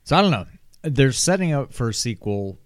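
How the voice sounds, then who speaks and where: A man's voice: mid-range voice, sing-song, fairly quick. A man chatting casually about a film, hesitant and often trailing off. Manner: hesitant, trailing off, many fillers. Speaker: co-host reviewing a film. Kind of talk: casual chat.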